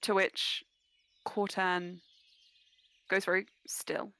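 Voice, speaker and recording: A woman narrating as game master of a tabletop game, playful and quick to laugh. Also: mid-range voice, flat delivery, a bit bright, no room sound.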